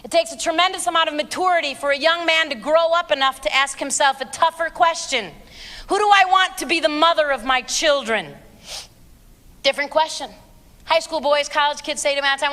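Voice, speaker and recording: A woman in her forties delivers a fiery speech to teenagers and parents. Her voice is high and sharply bright, and it sounds blunt, sarcastic and emphatic. The sound carries a long reverb from a large hall. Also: fairly quick. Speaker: abstinence speaker. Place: large hall with a live audience.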